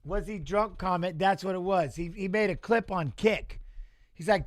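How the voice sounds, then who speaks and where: A middle-aged man doing live-stream watch-along commentary on a fight, excitable and rambling, talking back to his chat. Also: sits high, moderate pace, no echo, studio quality.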